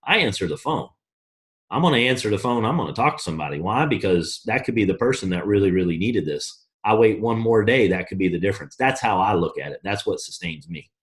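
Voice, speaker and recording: A man from the US East Coast leading a team call, blunt and emphatic, coaching in a casual, forceful way. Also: lowish voice, expressive, brisk. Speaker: network marketing team leader. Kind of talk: motivational call talk.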